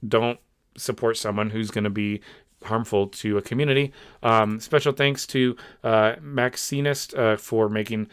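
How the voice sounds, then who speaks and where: A young man running his own channel gives a fed-up commentary rant, repeating words and stuffing it with fillers. His medium-pitched voice has a fairly bright, clean tone. It's a dry, clean studio recording.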